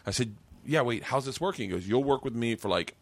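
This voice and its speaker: A man's voice: medium pitch, quick pace, dry recording. A middle-aged man hosting a podcast, telling stories in casual chat and acting out the people in them. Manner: animated, acts out quoted people in his stories. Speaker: podcast host.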